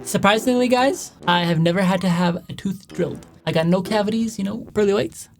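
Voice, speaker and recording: A young man making a casual reaction vlog, chatty and animated, often calling his viewers "guys.". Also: sits high, fairly quick, gravelly, loud music behind the voice. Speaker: YouTuber reacting to sound clips.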